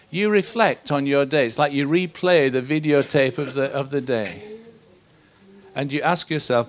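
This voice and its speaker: A man delivers a sermon to a gathered congregation, his voice sitting a little higher than most men's. He teaches in an earnest, conversational way, often posing questions to his listeners. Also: lively intonation, normal speed. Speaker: preacher.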